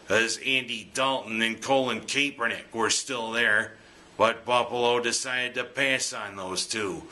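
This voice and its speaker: Hosting scripted sports commentary, a man with a mid-range, pushed, bright voice cracks jokes and puns, breaking now and then into goofy singing.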